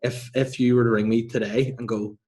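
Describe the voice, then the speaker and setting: A man's voice: mid-range voice, level tone, a little fast, warm tone. A man in his thirties hosting a podcast, telling rambling, self-mocking stories in casual chat. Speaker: podcast host.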